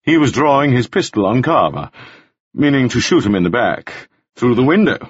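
A man voicing a stern, commanding male jailer who speaks calmly and curtly in a storybook reading. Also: mid-range voice, moderate pace, slightly rough, no room sound, highs cut off, pitched above the performer's own voice. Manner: calm, clipped, stern. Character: cold, commanding male jailer, calm and curt.

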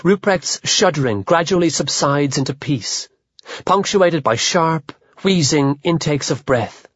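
A man narrating a literary audiobook in a measured, even manner. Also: on the high side, breathy edge, no room sound. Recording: dull lo-fi dry audio.

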